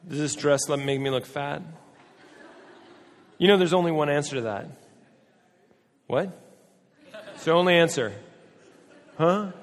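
A man preaching a sermon as a pastor, talking in a conversational, joking way and acting out the voices he quotes. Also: fairly high pitch. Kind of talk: humorous sermon. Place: church hall. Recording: long reverb from a hall.

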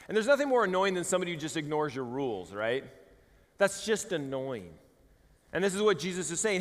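Animated joking pastor in a reverberant hall. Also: male voice, a little high, a little fast. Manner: animated, jokey, acts out voices. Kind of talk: conversational sermon with humor.

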